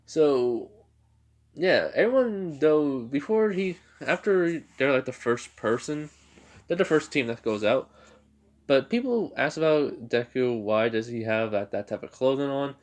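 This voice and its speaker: A man casually retelling his own fan-made story, rambling and halting with lots of fillers and restarts. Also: mid-range voice, lively intonation.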